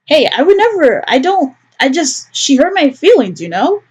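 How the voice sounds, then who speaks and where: A sulky young man, read by a woman playing through a story game, stubborn and grumbling. He talks back flatly and refuses to budge. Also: high voice, normal speed, pitched above the performer's own voice.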